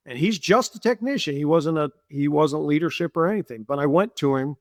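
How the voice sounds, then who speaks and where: Middle-aged man, business owner on an interview, a bit high-pitched, dry close sound, lively storyteller who acts out quotes. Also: fairly quick, dry recording. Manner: animated, acts out quoted dialogue, repeats himself.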